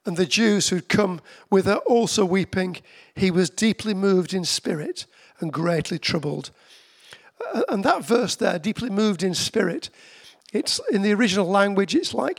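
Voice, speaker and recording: A man preaching a sermon, his voice pitched high for a man with a gravelly, creaky edge. He talks to his listeners conversationally, then slows right down to hammer home repeated phrases. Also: animated. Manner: conversational, with slow emphatic repetitions.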